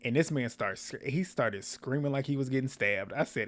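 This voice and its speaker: Male YouTube recapper, casual and outspoken, mid-pitched everyday voice. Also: a little fast, hardly any pauses. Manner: blunt, animated, swears and laughs often. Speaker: reality TV recap host.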